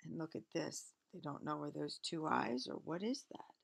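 A woman reading a picture book aloud, stopping often in a gentle, expressive way to explain the pictures. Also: low voice, moderate pace, gravelly.

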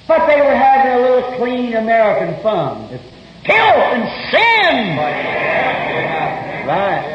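High-voiced man preaching on old tape. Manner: earnest storytelling, bursts of shouting. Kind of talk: fervent sermon. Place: church meeting hall. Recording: roomy lo-fi 1961 sermon tape.

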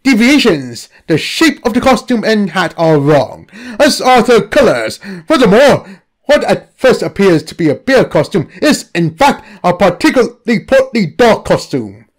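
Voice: medium pitch, sing-song, a little slow. A narrator reading a comedic anomaly file in a scripted style.

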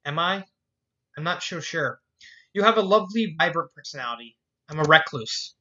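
A reader voicing a shy, bookish young woman who talks hesitantly and haltingly, in a fan fiction read aloud. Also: mid-range voice, expressive, sharp tone. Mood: self-doubting. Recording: dull lo-fi recording.

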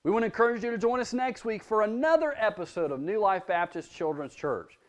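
A man leading children's church, preaching a lively lesson straight to the kids and praying aloud. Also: high voice, fairly quick. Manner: lively storytelling, addressing children directly; prays aloud. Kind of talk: children's sermon.

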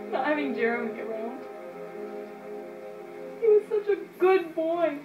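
Sad worn-out game mom, broken halting lines, echoey, music loud behind. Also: female voice, high voice, big pitch swings. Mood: grieving. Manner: halting, tearful confessions. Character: grieving young mother, weary and fragile. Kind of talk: video game voice acting. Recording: roomy, distant game audio with music.

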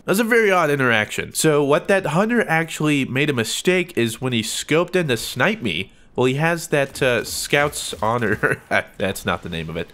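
A young man talks over his gameplay in a loose, jokey way, often breaking into yelps and laughs. His voice sits a little high for a man. It jumps around a lot, from mumbled asides to squeaky outbursts. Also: sing-song, normal speed, hardly any pauses, fairly bright tone. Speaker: gaming YouTuber. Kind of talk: gameplay commentary.

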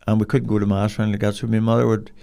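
A man's voice: lowish voice, flat delivery, racing, vocal fry, dark tone, clear, resonant tone. An older man, a podcast guest telling rambling, colloquial stories in a casual interview. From Cork, Ireland.

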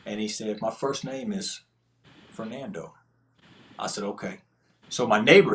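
A man's voice: fairly low pitch, a little slow, pauses often, a bit bright. A man, a podcast guest telling an earnest testimony story in casual, slangy speech. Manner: earnest, slangy prison storytelling with quoted dialogue.

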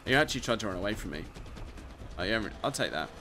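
A man with a British accent giving excitable, laughing commentary while playing a video game. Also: fairly low pitch, racing, faint music behind. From United Kingdom. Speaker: gamer, channel host. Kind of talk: casual let's-play commentary.

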